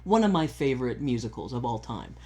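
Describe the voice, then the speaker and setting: A man's voice: mid-range voice, very animated, a little fast, mellow, slightly rough. A man chatting on a casual podcast, playful and inquisitive. He asks questions, makes jokes, and laughs easily at his partner's stories. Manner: joking and curious, asks questions and laughs often. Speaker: podcast co-host, spouse of the theatre fan.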